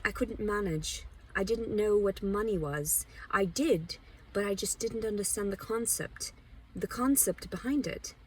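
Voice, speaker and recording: A woman's voice: mid-range voice, far from the mic, a little hiss or hum. A woman talking to camera in a meandering personal monologue, frank and blunt, often restarting her sentences. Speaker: vlogger.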